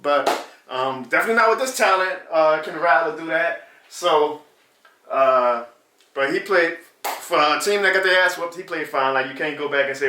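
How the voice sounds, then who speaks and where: A man's voice: on the high side, moderate pace, bright, forceful tone, echoey room, recorded from a distance. A man hosting a sports reaction channel, venting in a casual, exasperated and sarcastic rant. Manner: exasperated, sarcastic, mocks rival fans in put-on voices.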